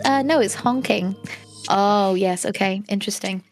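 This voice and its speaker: A woman's voice: medium pitch, expressive, normal speed, soft background music. A woman running a tabletop game, narrating in a casual, chatty way with lots of fillers and swearing. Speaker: game master.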